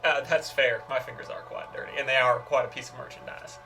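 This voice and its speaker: A man playing a tabletop game, smooth-talking and persuasive, halting with fillers. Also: mid-range voice, fairly even intonation, bright, forceful tone, distant mic, faint music behind. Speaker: player.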